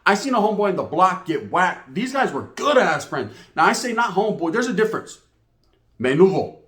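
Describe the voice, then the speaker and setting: A man's voice: sits high, brisk. Slangy, profane man telling street stories. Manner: slang-heavy, profane, animated. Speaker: storyteller host. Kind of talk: street storytelling monologue. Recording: echoey room.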